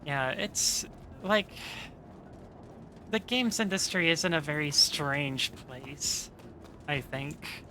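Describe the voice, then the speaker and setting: A woman streamer chatting casually with viewers while playing, relaxed and profane, rambling with lots of fillers. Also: sits low, slow, pauses often, slight background noise. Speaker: game streamer. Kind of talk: casual stream chat reading viewer messages.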